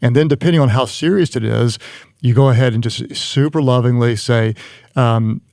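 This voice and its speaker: Man, earnest, gravelly, stammering restarts, dry close sound. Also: mid-range voice, fairly quick, a little mellow, dry recording. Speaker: guest. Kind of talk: conversational leadership advice.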